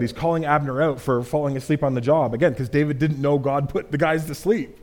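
A man preaching a sermon in a relaxed, conversational way, dropping in casual fillers. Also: a little high, brisk. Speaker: pastor.

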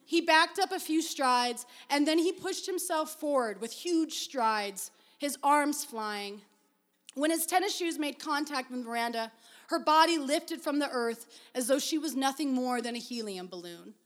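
A woman reading a first-person story aloud in a measured, expressive way. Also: sits high. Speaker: reader.

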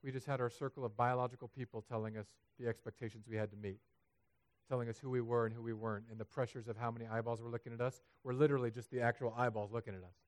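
A man preaching a sermon as pastor, animated and humorous, building to loud, emphatic peaks. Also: mid-range voice, very fast. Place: church sanctuary.

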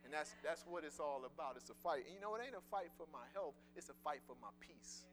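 A man preaches in a conversational way, leaning hard on repeated words and dropping from loud declarations to near murmurs. His voice sits a bit high and rings very bright. A faint hiss runs underneath. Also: quick pace. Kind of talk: sermon with personal testimony.

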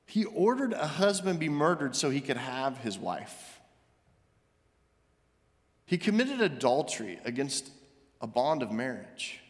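A male pastor delivering a sermon, rising to emphatic questions and dropping soft and low for confession. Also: very animated, moderate pace. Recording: long reverb of a large hall.

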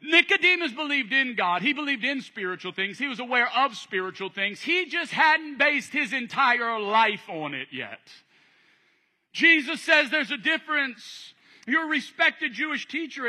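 High, bright-voiced preacher man. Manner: animated storytelling, acting out voices. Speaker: pastor. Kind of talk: sermon. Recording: long hall reverb.

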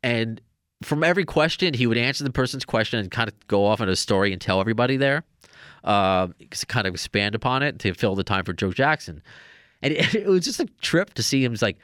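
A man's voice: mid-range voice, animated, a little fast, fairly bright tone, no room sound, clean studio sound. A man hosting a podcast, telling a long story in a casual, rambling way with many restarts. Now and then he raises his voice to act out what others said. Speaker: podcast host.

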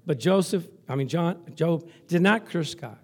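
High-voiced, animated man preaching. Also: moderate pace, husky. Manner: animated, chuckling, reads scripture aloud. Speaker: pastor. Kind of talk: sermon.

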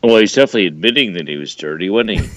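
A man's voice: sits low, animated, rapid-fire, dry recording, rough recording. A man chatting as a touring musician guest on a radio show, easygoing and joking. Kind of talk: casual radio chat.

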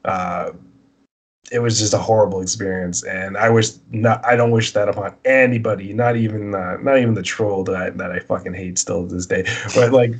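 A man's voice: fairly low pitch, fairly even intonation, moderate pace, slightly rough. A man casually telling a long personal story, acting out both sides of the dialogue in a rambling way.

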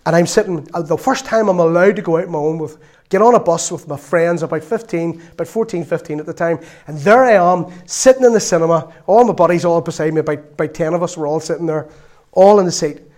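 A middle-aged man with a Northern Irish accent preaching a sermon, telling a lively story from his own family and acting out the voices in it. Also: on the high side, fast talker. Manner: lively storytelling, acts out voices, laughs often.

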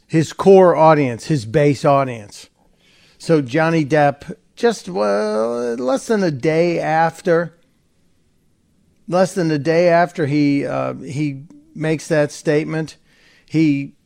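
A male talk radio host speaking from a studio with a fairly high voice for a man. He delivers sarcastic, opinionated commentary in a loose, conversational way. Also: darkish tone.

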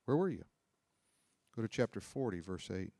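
Reading scripture and explaining it in a relaxed, conversational sermon, this preacher keeps asking his listeners questions. His voice is on the low side, mellow and sing-song, at a normal speed, with no echo.

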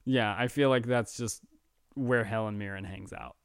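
A young man chats excitedly about a film he just saw, breaking down the plot with a friend. His voice is smooth and resonant, recorded close in a dry, dead room. He often quotes characters in offhand voices. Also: fairly low pitch, moderate pace, no room sound. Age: young adult. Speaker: podcast co-host. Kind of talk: casual movie review chat.

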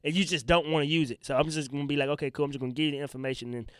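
A man's voice: a little high, fairly even intonation, rapid-fire, clear, resonant tone, no echo. Young guy ranting solo on his podcast, cussing a lot, kinda stuffy from allergies, dry close mic. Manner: blunt, profane, heated and rambling. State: sick, congested from pollen. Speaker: podcast host and stand-up comedian.

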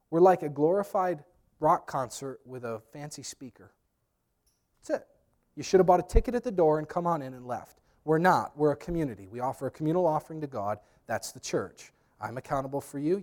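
Emphatic pastor, man with a higher voice. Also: darkish tone. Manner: emphatic, direct address to the congregation; humorous storytelling asides. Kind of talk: sermon.

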